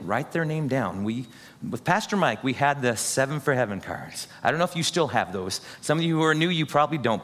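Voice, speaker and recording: A pastor with a medium-pitched, fairly bright voice preaches straight to his congregation, earnest and encouraging. The husky sound carries a long reverb in the church sanctuary.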